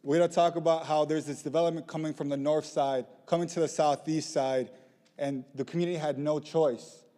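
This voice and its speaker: A young man giving a lively lightning talk, joking with the audience and pushing them into call-and-response. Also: on the high side, brisk. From southeast side of Chicago. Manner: playful, rallying crowd call-and-response. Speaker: community organizer speaker. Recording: reverberant hall, live talk.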